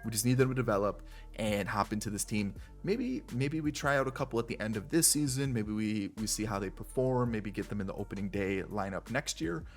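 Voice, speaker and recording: Young man, stuffy and congested, low-pitched casual game commentary, mulling choices aloud. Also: fairly quick, faint music behind. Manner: thinking aloud, weighing options, trailing restarts. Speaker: gaming YouTuber.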